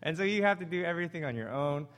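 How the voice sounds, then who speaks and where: A man with a Canadian accent preaching a sermon, animated, acting out the voices he quotes. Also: fairly high pitch, rapid-fire. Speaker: pastor.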